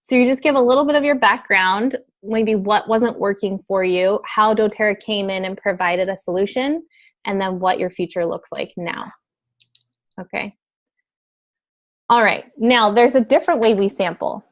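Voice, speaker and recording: A woman teaching a class in a chatty, casual way, with many fillers and quick switches into acted examples. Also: mid-range voice. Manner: chatty, filler-heavy, breaks into role-play quotes. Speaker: wellness sales trainer. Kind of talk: casual instructional talk.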